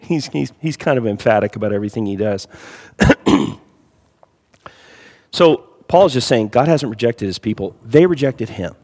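A man teaching a conversational Bible study, emphatic and reading scripture aloud, often clearing his throat. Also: mid-range voice, lively intonation, moderate pace, pauses often, a little mellow, long reverb tail.

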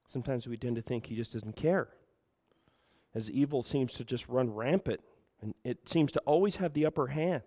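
A man's voice: mid-range voice, moderate pace, warm tone. A man preaching a sermon as pastor, asking the room rhetorical questions and acting out quoted voices. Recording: reverberant hall.

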